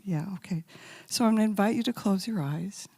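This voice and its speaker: A woman giving a spiritual talk as guest speaker, telling stories gently and sometimes dropping to a soft whisper, then leading a guided meditation. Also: medium pitch, fairly quick, breathy edge. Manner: gentle, intimate storytelling, drops to soft whispers. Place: large sanctuary. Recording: long hall reverb.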